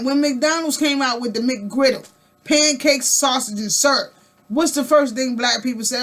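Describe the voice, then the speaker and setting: A woman's voice: high-pitched, moderate pace, fairly bright tone. A woman vlogger in a casual spoken monologue, emphatic and colloquial, repeating words and firing rhetorical questions at the listener. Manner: colloquial, rambling with restarts.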